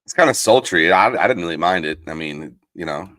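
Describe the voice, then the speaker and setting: A man's voice: deep voice, animated, a little fast, a bit bright. A man co-hosting a podcast, chatting casually, teasing and blunt, often stammering over restarts. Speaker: podcast co-host.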